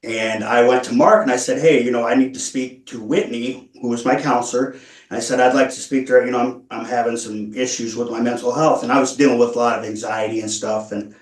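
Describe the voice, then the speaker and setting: A man speaking at a parole hearing, earnest and halting, stumbling through many restarts as he explains himself. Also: mid-range voice, fairly even intonation. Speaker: parole applicant. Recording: echoey room, far from mic.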